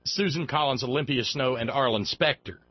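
A Southern-accented man from Alabama hosts a political call-in radio show, spinning folksy stories and pushing his points hard. His voice is a touch husky. The sound is dry and muffled, like an old radio broadcast. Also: mid-range voice, a little fast, no echo. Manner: folksy storyteller, rising to heated political argument. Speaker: talk radio host.

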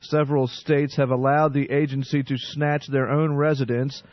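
A man reading the news on radio in a steady, formal, scripted delivery. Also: medium pitch, normal speed, no echo. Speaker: radio newsreader. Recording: dry, slightly muffled radio.

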